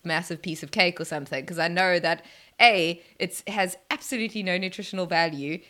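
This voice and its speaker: A woman's voice: lowish voice, brisk, sharp tone. A woman, chatting casually as a podcast guest, laughing often and restarting her sentences. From South Africa. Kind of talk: casual chat.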